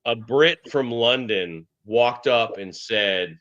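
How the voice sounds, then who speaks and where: A man tells stories in a loose, halting way, often restarting his sentences. His voice is bright and forward at a middle pitch, and the recording sounds dull and lo-fi. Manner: storytelling, halting restarts, laughs. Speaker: host. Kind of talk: casual group chat. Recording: muffled lo-fi sound.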